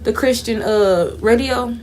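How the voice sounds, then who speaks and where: A young vlogger from Houston, Texas tells a swear-filled storytime while taking down her braids, acting out the people in it. Her voice is fairly high with a darkish tone, her pace is measured, and there's slight background noise.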